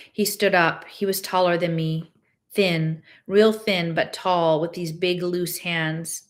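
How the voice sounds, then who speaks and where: Woman with a lowish voice reading a novel aloud. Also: little pitch movement, slow pace. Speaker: reader.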